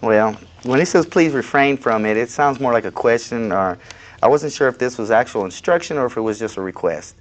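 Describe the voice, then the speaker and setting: A man's voice: medium pitch, lively intonation, fairly quick. A man speaking as a guest on a studio interview show, talking plainly in an aggrieved tone. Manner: plain-spoken, aggrieved, recounting a workplace dispute. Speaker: guest, activist. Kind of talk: casual interview talk.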